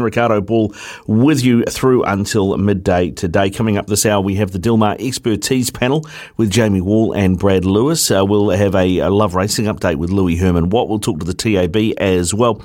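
A man's voice: on the low side, a little mellow. A man with a New Zealand accent filling in as host on a sports radio show, chatting casually and reading out listener texts.

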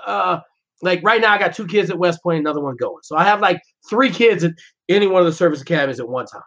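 A man, a former Navy SEAL guest on a podcast, telling rough, profane stories in casual talk and acting out the voices of the people in them. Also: high voice, animated, fast, a bit bright, lo-fi sound. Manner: brash, swearing, acts out quoted voices.

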